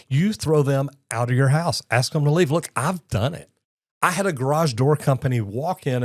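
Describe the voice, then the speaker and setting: This middle-aged man from Texas has a mid-range, slightly mellow voice with a Texan accent, captured in a dry, studio-quality recording. Hosting his plumbing education channel, he talks directly to camera, telling folksy stories and giving blunt, emphatic advice.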